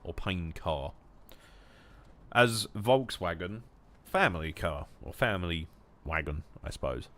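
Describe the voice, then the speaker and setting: A young English man chatting casually while gaming, jokey and rambling, with some swearing and bursts of loud mock shouting. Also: deep voice, lively intonation, measured pace, pauses often. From England. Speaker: gaming streamer.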